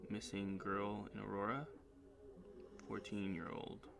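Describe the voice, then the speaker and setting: A man's voice: lowish voice, completely flat delivery, takes it slowly, vocal fry, over music. A man in his thirties hosting a casual internet radio show, rambling and joking on his own. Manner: rambling, jokey, reads sponsor ads in a hyped voice. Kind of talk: casual solo talk show.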